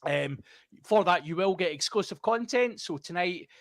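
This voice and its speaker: A man's voice: sits high, expressive, normal speed, a bit bright, no room sound. A middle-aged Scottish man hosting a rugby podcast over a video call, chatty and joking with frequent laughs and fillers. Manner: jokey, laughs often, many fillers. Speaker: podcast host. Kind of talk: casual chat.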